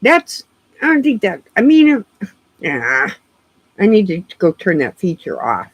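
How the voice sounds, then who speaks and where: Excitable woman with a husky, lively voice. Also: medium pitch, no echo, muffled recording. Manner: excitable, rambling, quick to laugh. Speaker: live streamer. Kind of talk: casual live-stream chat.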